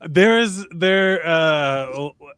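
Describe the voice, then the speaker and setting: Rambling, high-pitched male podcast host. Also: animated, slow, a bit bright. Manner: rambling, stumbling restarts, profane. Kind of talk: casual chat.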